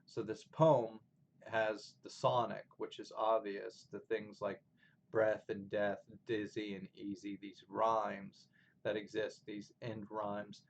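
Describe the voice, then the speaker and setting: A man's voice: on the low side, gravelly, a little hiss or hum, low-quality recording. A man lecturing on poetry to a class, explaining with fillers and restarts. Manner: reads poems aloud with stressed rhythm, louder than his talk. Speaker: literature lecturer. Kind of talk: recorded lecture with poetry reading.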